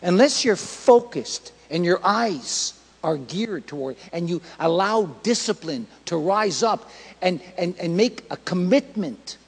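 A male pastor preaching a sermon in an emphatic, repetitive way that builds to shouts. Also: sits high, lively intonation, unhurried, slightly rough, in a large hall, poor audio.

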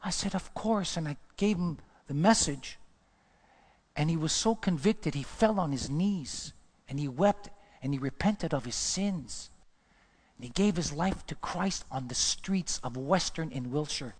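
A male pastor delivers a testimony sermon with a fairly high voice. He tells the story with animation, pushing his voice up sharply when he acts out his own words. The sound carries a long reverb, as if from a large church hall. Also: lively intonation, measured pace.

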